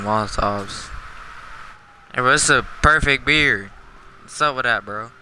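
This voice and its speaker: A man's voice: mid-range voice, unhurried, long pauses, noisy background. A young man livestreaming a game, trash-talking other players in slangy casual commentary while half asleep. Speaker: livestreaming gamer.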